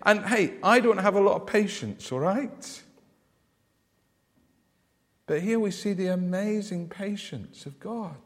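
A man preaching a sermon, lively and emphatic, often putting questions to the congregation. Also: high-pitched, slow pace, pauses often, long reverb tail. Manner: animated, asks the congregation questions.

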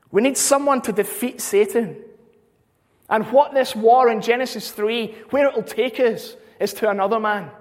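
A man preaching a sermon, earnest, repeating phrases for emphasis. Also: sits high. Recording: long hall reverb.

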